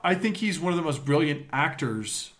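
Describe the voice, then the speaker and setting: Podcast co-host, male, animated and chatty. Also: fairly high pitch, normal speed. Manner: animated, enthusiastic. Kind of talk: casual chat.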